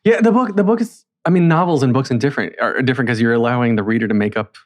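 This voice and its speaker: A man's voice: medium pitch, racing, a little mellow. A man hosting a podcast, asking questions in a casual, thoughtful way. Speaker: podcast host. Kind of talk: conversational interview.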